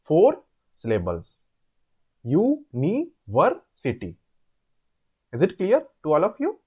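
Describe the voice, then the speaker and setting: A man explaining an assignment step by step. He asks questions and answers them himself, and repeats words slowly to show how they are said. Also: on the high side, darkish tone. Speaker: online tutor.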